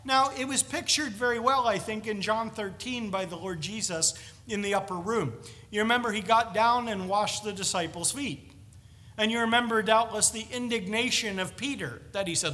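Male preacher, high and bright, earnest expository sermon, reverberant hall. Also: moderate pace.

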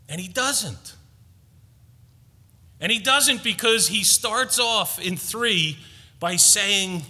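A man preaches with a high, bright, ringing voice, pressing hard on key words and slipping in playful asides. His voice carries a long reverb, as in a big hall. The delivery swings between teaching and rising fervor. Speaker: pastor. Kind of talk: sermon.

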